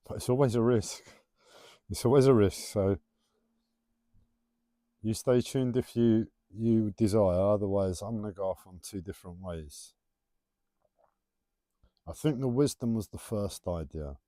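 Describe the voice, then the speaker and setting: A man talks on a solo livestream from home, drifting from one tangent to the next in a self-confessed waffle. His voice sits low and mellow, and he stumbles over his T's. The sound is dry and close, with no room echo. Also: measured pace, pauses often. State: struggling to pronounce his T's. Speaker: livestream host. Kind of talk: rambling solo livestream talk.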